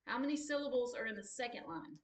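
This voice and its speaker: A woman teaching a high school writing class, briskly explaining and tapping out syllable rhythms. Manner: lively, brisk, reads lines aloud and beats rhythm with syllables. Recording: echoey classroom from a distant mic.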